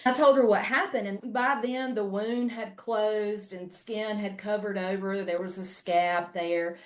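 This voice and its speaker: A Southern woman with a warm South Carolina drawl speaks in a folksy, storytelling way, sprinkling in "y'all." Her voice sits at a middle pitch and carries a roomy echo, as if recorded in a bare room. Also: fairly even intonation, measured pace. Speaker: guest speaker, ministry leader. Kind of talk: webinar talk with personal story.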